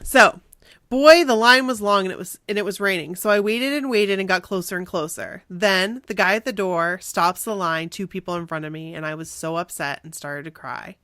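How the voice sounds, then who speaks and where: A woman's voice: mid-range voice, normal speed, fairly bright tone, dry recording. Chatty lady podcast host, reads fan stories out, dry close sound. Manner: chatty, candid, laughs easily. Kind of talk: casual chat and reading listener stories.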